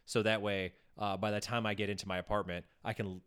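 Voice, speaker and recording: A man with a fairly low voice talks loosely in casual podcast chat. He rambles through lots of filler words, trails off mid-thought, and drops the odd curse between laughs. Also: little pitch movement, fast, a bit bright, clear, resonant tone. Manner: rambling, filler-heavy, swears, laughs often. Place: near Pasadena.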